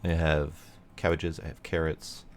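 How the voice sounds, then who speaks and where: A man with a deep, low-pitched voice talks through a video game as he plays, musing aloud in an easygoing way and letting a mild curse slip now and then. A faint hiss sits under his voice. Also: level tone, measured pace. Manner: thinking aloud, casual, mild swearing. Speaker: gameplay commentator. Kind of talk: let's play commentary.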